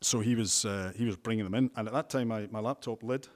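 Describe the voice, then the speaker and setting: Scottish newsman with a lowish voice. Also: fast talker. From Scotland. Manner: chatty, frequent restarts and wry asides. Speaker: television news presenter and reporter. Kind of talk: relaxed interview answers.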